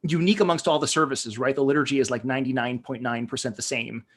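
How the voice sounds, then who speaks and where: Casting: American man, podcast co-host, mid pitch, loose rambling delivery full of restarts. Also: steady tone, fast, fairly bright tone. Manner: rambling, many fillers and restarts. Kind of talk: casual discussion.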